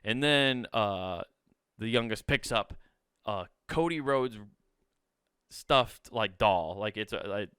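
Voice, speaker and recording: A man's voice: lowish voice, animated, slow pace, long pauses, a bit bright, smooth, no room sound, studio quality. A man in his thirties from the US Midwest, hosting a podcast and telling a comedic story, self-mocking and swearing freely. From Sioux City, US Midwest.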